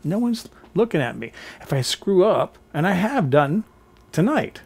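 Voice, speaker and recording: A man vlogging from his home kitchen, telling a college theater anecdote in an animated, theatrical way. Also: sits high, unhurried, breathy edge. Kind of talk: casual storytelling to camera. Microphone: camera on a tripod.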